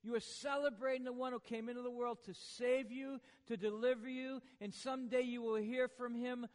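A man preaching a sermon in a church, swinging from hushed lines to booming ones with joking asides. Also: little pitch movement, normal speed, big-room sound. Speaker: pastor.

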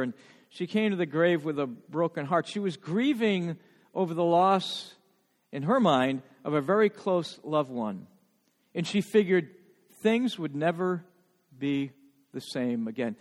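A middle-aged male pastor preaching a sermon, swinging from loud, emphatic passages to hushed ones and repeating words when moved. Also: a little high, lively intonation, measured pace. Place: church sanctuary. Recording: long reverb of a large hall.

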